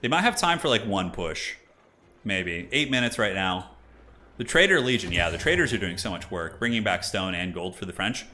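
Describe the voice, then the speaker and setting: Animated low-voiced male game streamer. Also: normal speed. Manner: animated, rambling, fillers like "like". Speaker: streamer casting a strategy game. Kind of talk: casual live game commentary.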